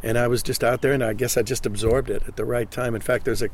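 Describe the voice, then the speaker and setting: A man in his sixties, a voice actor speaking in a casual interview, halting and often repeating his words. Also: mid-range voice, steady tone, slight background noise. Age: 60s. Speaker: voice actor guest.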